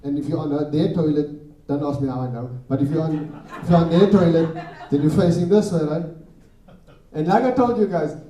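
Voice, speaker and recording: A young man from Africa's Cape Flats doing an animated stand-up set, telling stories and tagging lines with 'right?'. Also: fairly high pitch, fairly quick. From Cape Flats, South Africa. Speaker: stand-up comedian. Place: live comedy venue. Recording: echoey club, voice from far off.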